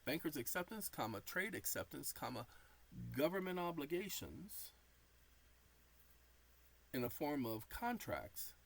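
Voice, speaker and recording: Tired man, lively rising and falling voice. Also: fairly high pitch, a little slow, creaky, long pauses, poor audio. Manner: dictates punctuation aloud while reading. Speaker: channel host. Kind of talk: casual talk to camera.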